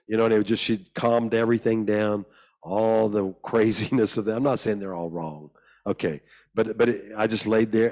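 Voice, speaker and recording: A man preaching in a church hall with a slightly low voice. He tells his stories with humour and mimics the people in them. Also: darkish tone. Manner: humorous, acts out the people he quotes in higher voices. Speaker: guest preacher. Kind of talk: storytelling sermon.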